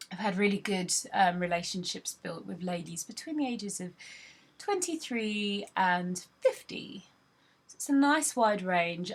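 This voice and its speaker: A woman who leads a sales team, talking viewers through a screen-recorded tutorial in a chatty, instructive way with a few "um"s. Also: medium pitch. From United Kingdom. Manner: chatty, instructive, stops to think with "um".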